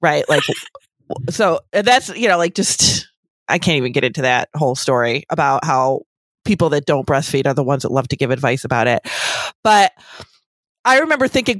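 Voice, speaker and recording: A middle-aged woman who works as a lactation consultant, co-hosting a casual talk show with animated, exasperated chat. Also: deep voice, moderate pace, no room sound, low-quality recording. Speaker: podcast co-host, lactation consultant.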